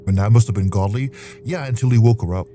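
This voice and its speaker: A male streamer chats loosely over his game, swearing and giggling as he tells stories. His voice is low and mellow, and a faint hiss runs under it. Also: quick pace. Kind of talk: casual game commentary.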